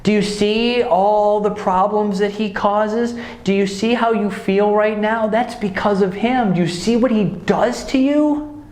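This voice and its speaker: Insistent, accusing grown-ups pressing a frightened child with one question after another, as a man puts them on. Their voice jumps well above his usual pitch and rings in an echoey room. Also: steady tone, measured pace, darkish tone. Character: angry adult relatives scolding a child.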